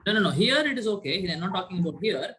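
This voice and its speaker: Male teacher on a video call, bright, forward voice, constant "right?" checks while lecturing. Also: high voice, expressive, fast, slight background noise. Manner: quizzes students, frequent "right?" tag questions. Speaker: chemistry teacher. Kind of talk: online class lecture.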